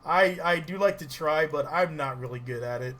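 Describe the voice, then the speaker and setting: A man's voice: fairly high pitch, normal speed, a bit bright. A man from the Southern US giving casual livestream commentary while he plays a game, laughing often and greeting viewers in chat.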